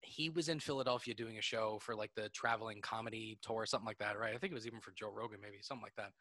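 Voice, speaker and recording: A man with a New Jersey accent talks at a rapid clip in a relaxed podcast chat. His voice is bright and forward, and he swears freely as he tells stories. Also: lowish voice. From northeastern United States. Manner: fast, animated storyteller, swears freely. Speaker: podcast host. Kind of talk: casual chat.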